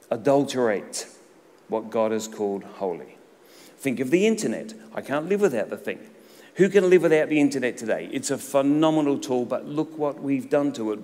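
A middle-aged man delivers a sermon, his voice at an ordinary pitch for a man. He swings between loud, emphatic bursts and hushed, low phrases. The sound carries a long reverb from the church hall. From Australia. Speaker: pastor.

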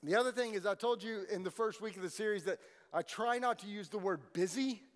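High-voiced joking pastor in a hall. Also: male voice, brisk. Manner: conversational, joking asides to the congregation. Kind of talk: sermon. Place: church hall. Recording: hall reverb from a church room.

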